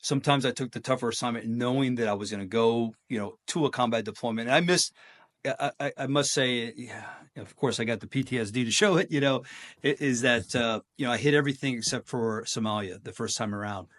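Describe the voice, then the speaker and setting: A middle-aged man telling stories as a podcast guest in a casual, energetic way, often breaking into quoted voices. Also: a little fast. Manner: energetic, acts out quoted voices with big pitch jumps. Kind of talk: casual storytelling.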